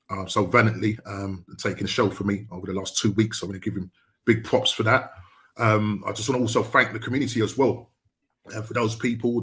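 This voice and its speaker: A middle-aged man hosting a podcast, talking casually in a halting, subdued way with many ums and uhs. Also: fairly low pitch, fairly bright tone. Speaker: podcast host.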